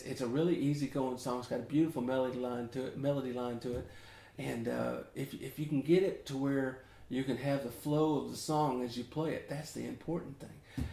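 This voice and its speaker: A middle-aged man from Memphis with a Southern US accent, rambling in a folksy, chatty way as he teaches ukulele at home, often chuckling. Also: mid-range voice. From Memphis, Tennessee. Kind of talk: casual chatty tutorial. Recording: roomy echo.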